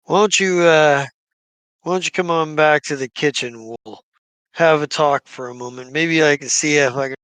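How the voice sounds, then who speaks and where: A man voicing a friendly, plain-spoken male guide in a tabletop game, a little higher than his own voice. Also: normal speed, fairly bright tone, clean tone, dry recording, close to an everyday voice.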